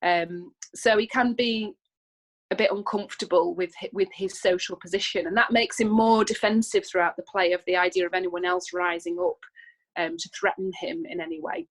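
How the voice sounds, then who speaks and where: A British woman, an English teacher, explaining a play in a relaxed lesson with many ums and self-corrections. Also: fairly low pitch, normal speed, low-quality recording. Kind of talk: recorded online lesson discussion.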